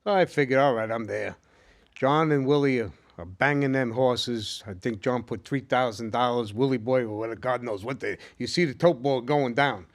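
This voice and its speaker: A man's voice: mid-range voice, moderate pace. An older man in a casual chat, chiming in with his own anecdote in an easygoing way.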